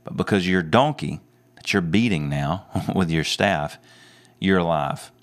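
Preacher doing God, stern commands, deep low voice. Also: male voice, unhurried.

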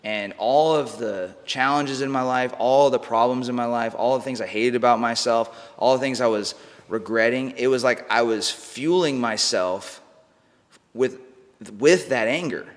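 A man's voice: medium pitch, a bit bright. Profane storytelling man, reverberant room. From United States. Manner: swears freely, says "bro" and "like". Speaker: podcast guest, mindset coach. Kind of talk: casual storytelling.

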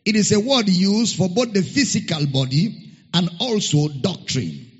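A man preaching a sermon, reading scripture slowly and emphatically and repeating key phrases. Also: high voice, very animated, slightly rough. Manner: spells out a Greek word letter by letter. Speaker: pastor. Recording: muffled sound with long hall reverb.

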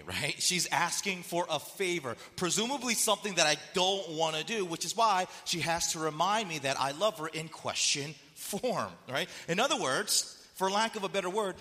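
Male pastor, sermon delivery, bright tone, long hall echo, conversational with repeated phrases. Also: a little high.

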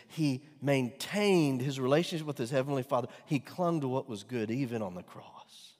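Man, pastor, sermon, emphatic, rhetorical questions, lively delivery, long hall reverb. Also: a little high, moderate pace. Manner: preaching with big swings from loud emphatic peaks to soft, near-whispered lines; asks the congregation rhetorical questions.

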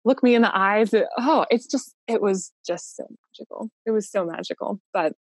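A woman's voice: mid-range voice, normal speed, slightly rough, no room sound. Chatty young woman, dry close sound. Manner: chatty and heartfelt, laughing often, with many fillers. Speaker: new mother telling her birth story. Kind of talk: casual personal storytelling.

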